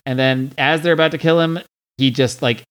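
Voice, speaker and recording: A man's voice: medium pitch, steady tone, brisk, fairly bright tone, smooth. A man hosting a podcast, casually recapping a comic book with lots of fillers and restarts. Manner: recaps a comic with frequent fillers, reads dialogue aloud. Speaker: podcast host.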